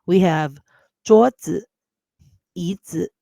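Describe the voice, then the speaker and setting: A woman with a Filipino accent teaching a casual language lesson, drilling words slowly and mixing English with Tagalog. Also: fairly low pitch, dark tone, no room sound. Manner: clears throat often.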